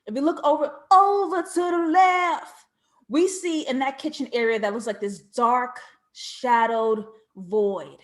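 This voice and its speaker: An American woman reviews a TV drama from her home setup, her voice sitting a little high. She moves between thoughtful questions and sudden playful outbursts. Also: unhurried. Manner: expressive, with sudden playful shrieks and asides; reflective and questioning. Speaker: TV show reviewer. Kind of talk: animated video review commentary.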